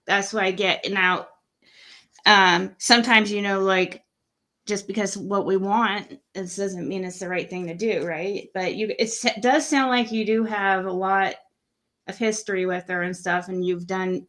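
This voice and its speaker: A woman hosts a casual late-night livestream and reads cards aloud for a guest. She rambles in a loose way, with plenty of fillers and restarts. Her voice sits at an ordinary pitch and comes through a video call. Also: fairly even intonation, measured pace, bright, forceful tone. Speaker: host reading cards.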